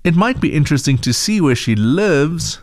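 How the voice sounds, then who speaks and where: A man's voice: fairly high pitch, sing-song, normal speed, darkish tone, no room sound, clean studio sound. A man voicing a hesitant, skeptical young girl in a storybook reading. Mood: doubtful. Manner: unsure, skeptical.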